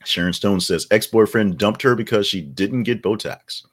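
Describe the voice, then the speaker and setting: Male podcast host, low voice, loose chatty news commentary with digressions. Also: moderate pace, slightly rough. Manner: rambling, many fillers, joking asides.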